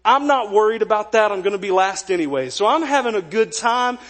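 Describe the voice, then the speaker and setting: A young man preaching a sermon as pastor, telling a personal story in a jokey, animated way with acted-out quotes. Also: sits high, a little fast. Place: church sanctuary.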